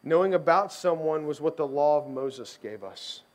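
A young adult man preaching a sermon as a pastor, conversational and animated, acting out the voices of the people in his stories. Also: a little high, moderate pace. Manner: conversational, animated storytelling, acts out quoted voices. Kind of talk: sermon with storytelling.

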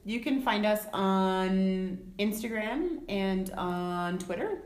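A woman co-hosting a podcast in casual chat, teasing and quick with banter. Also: medium pitch, expressive, darkish tone, reverberant. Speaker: podcast co-host.

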